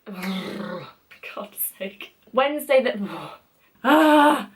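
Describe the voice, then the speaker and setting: A woman's voice: a little high, expressive, extremely slow. A young woman with a British accent, rambling and giggling through casual vlog outtakes, often mocking herself. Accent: British English. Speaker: vlogger.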